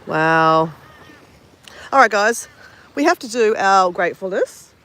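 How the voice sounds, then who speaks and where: A woman, chatting excitedly to viewers on a phone live stream at the beach. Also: medium pitch, takes it slowly, poor audio. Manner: chatty, excitable, repeats herself. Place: outdoors, driving to and walking at a beach. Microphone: phone held in hand.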